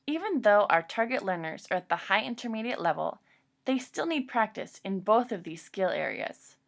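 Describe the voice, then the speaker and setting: A woman's voice: medium pitch, big pitch swings, moderate pace, vocal fry. A woman giving a formal, scripted academic presentation about a lesson plan.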